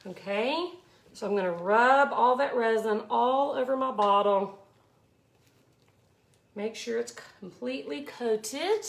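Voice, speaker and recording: A woman's voice: fairly high pitch, takes it slowly, gravelly, long pauses. Chatty Mississippi-accented woman teaching resin art. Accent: Mississippi Southern. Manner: chatty, effusive, exclaims often. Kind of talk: live art tutorial.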